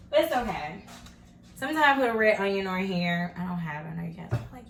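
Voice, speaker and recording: A woman's voice: fairly low pitch, fairly quick, creaky. A woman hosting her own home cooking show, chatting in an upbeat way and talking straight to her viewers as she cooks in her kitchen. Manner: chatty and upbeat, talks to viewers as "you guys". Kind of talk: casual cooking vlog chat. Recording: echoey room with noticeable background noise.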